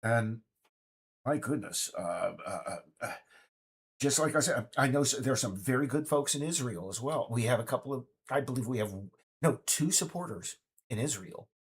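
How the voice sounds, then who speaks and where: Husky man in his fifties, rambling. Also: medium pitch, expressive, normal speed. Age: 50s. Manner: indignant, rambling, many restarts. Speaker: game developer vlogger. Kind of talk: casual rambling monologue.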